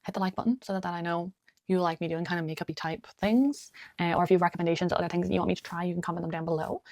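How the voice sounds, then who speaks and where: A woman's voice: fairly low pitch, fairly even intonation, racing, a little mellow, no echo, clean studio sound. A woman chatting casually at home while doing her makeup, muttering little asides to herself as she works. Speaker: beauty vlogger. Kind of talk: chatty get-ready-with-me talk.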